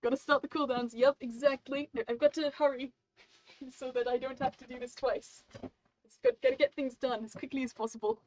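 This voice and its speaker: A woman streaming live, chatting casually and reading chat aloud, with a quick, laughing manner. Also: high-pitched, steady tone, a little mellow, lo-fi sound.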